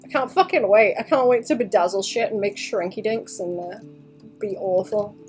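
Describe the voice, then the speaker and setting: Drawing on a livestream, a young woman chats casually with her viewers, quietly mutters to herself, bursts into giggles, and swears freely. She speaks at normal speed in a middle-range pitch, with faint music behind her.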